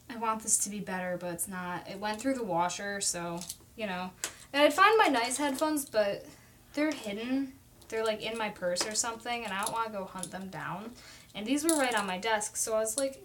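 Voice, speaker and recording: A young woman from Oklahoma hosting a casual live stream at home, talking fast and rambling chattily. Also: a little high, a bit bright, slight background noise. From Oklahoma, USA. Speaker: livestream host. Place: at home at her desk.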